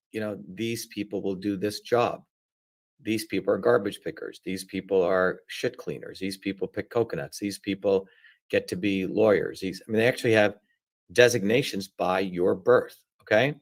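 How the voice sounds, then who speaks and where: A man's voice: lowish voice, steady tone, moderate pace. Older man explaining bluntly. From India. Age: 70s. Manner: explanatory, blunt, checks in with "okay?" and "right?". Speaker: interview guest. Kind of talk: casual conversational interview.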